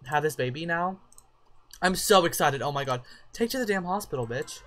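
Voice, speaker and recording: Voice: medium pitch, animated, moderate pace, a bit bright. A gameplay commentator giving casual let's-play commentary, sassy and profane, scolding the characters on screen.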